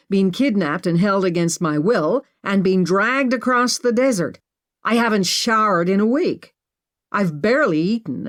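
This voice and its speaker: A woman narrator voicing a worn-out, impatient man who pleads and snaps. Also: on the low side. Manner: exasperated, pleading.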